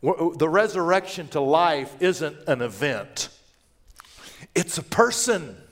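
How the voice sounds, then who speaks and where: A male preacher voicing a holy teacher who speaks calmly, then proclaims with rising force. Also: a little high, takes it slowly. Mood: soothing.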